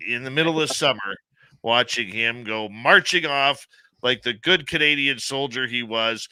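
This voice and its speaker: A man hosting a radio talk show, telling stories in a lively, chatty way. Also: medium pitch, clear, resonant tone, no room sound. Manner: animated storyteller, laughs easily. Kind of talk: casual radio talk, storytelling.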